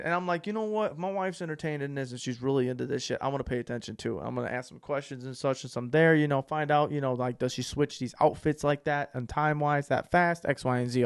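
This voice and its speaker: Animated man telling a story, dry close mic. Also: fairly high pitch, dry recording. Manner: animated storytelling, profane, swings from hushed to loud. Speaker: podcast co-host. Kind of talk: casual chat.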